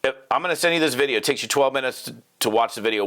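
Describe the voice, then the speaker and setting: A middle-aged man coaching network marketers in an energetic, casual talk, quickly acting out bits of phone dialogue with prospects. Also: medium pitch. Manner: fast, animated, acts out quick prospect dialogues.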